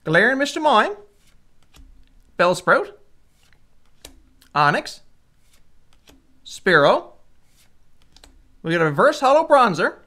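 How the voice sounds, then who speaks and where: A woman from Canada, hosting a casual card-opening video and reading card names aloud, excitable and chatty. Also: sits high, moderate pace, long pauses. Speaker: channel host.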